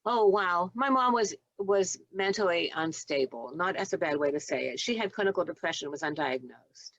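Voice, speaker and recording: A woman in her seventies, a retired nurse telling heartfelt stories in an interview, earnest and gentle. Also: fairly low pitch, normal speed, dry recording, lo-fi sound. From United States. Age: 70s. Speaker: guest, retired nurse and author. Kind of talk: reflective storytelling interview.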